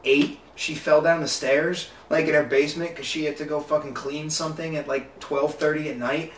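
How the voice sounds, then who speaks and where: A man's voice: on the high side, fairly even intonation, normal speed, distant mic. A young man in casual chat, telling rambling stories and swearing often. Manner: rambling storytelling, swears a lot. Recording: roomy sound, off-mic, faint hiss.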